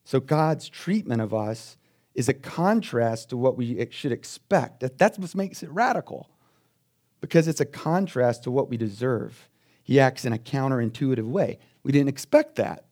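A man preaching a sermon as pastor, telling stories in a conversational way and swinging between quiet asides and loud, emphatic bursts. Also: mid-range voice, lively intonation, normal speed.

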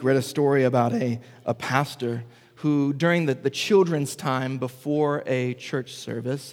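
A man preaching a sermon as pastor, moving between animated asides and hushed, slow emphasis. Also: a little high, big-room sound.

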